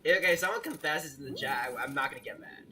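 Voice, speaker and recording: Speaking fast in a pushed, bright medium-pitched voice, this young man streams a game live with a little hiss or hum in the audio. He chats casually and playfully teases his viewers, restarting often and laughing at the chat.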